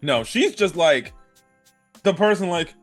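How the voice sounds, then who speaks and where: A young man giving a casual, excitable anime review, laughing and using slang as he retells scenes. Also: high voice, a little slow, faint music behind.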